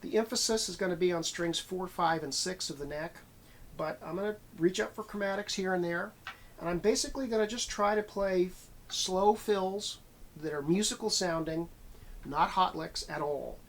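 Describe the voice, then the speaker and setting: A man's voice: sits high, moderate pace. A man giving a steel guitar lesson, thinking aloud with many fillers and restarts. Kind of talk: instructional talk between playing.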